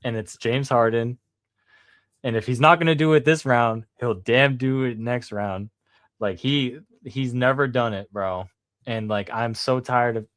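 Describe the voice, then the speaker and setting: A man's voice: mid-range voice, a bit bright, no room sound. A man co-hosting a podcast, chatting casually about basketball, slangy and rambling, with lots of "bro" and swearing. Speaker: podcast co-host. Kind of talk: casual sports chat.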